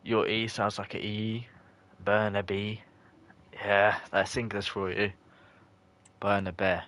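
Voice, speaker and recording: Low-voiced man streaming a football game. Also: little pitch movement, measured pace, pushed and bright. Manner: chatty and loose, answers chat viewers by name; jokey, slangy, swears when frustrated. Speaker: live streamer playing a football video game. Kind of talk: casual live-stream commentary, reacting to chat.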